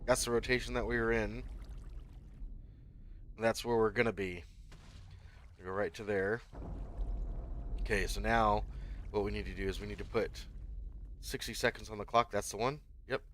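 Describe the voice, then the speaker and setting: A man's voice: on the low side, fairly even intonation, moderate pace, pauses often, fairly bright tone, a little hiss or hum. Man rambling through a livestream. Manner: rambling, loose, lots of fillers. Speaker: livestream host. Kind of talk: casual livestream chat.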